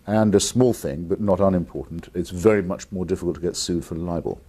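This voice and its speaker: Deep-voiced English man, articulate. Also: brisk, dark tone, slightly rough. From England. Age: 50s. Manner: articulate and combative, with many restarts. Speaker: interview guest taking viewer calls. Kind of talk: call-in television interview.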